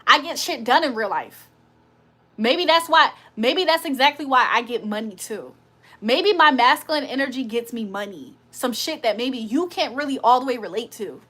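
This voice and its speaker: A woman streamer chats live to her viewers, blunt and profane and ready to clap back at anyone. Her voice sits high and bright, with a forceful edge. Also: expressive, moderate pace. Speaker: livestream host. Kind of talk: casual live chat to viewers.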